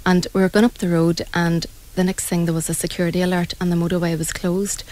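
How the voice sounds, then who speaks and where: Northern irish lady telling a story on the radio, kinda low voice, really animated. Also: quick pace, low-quality recording. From Northern Ireland. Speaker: angel reader guest.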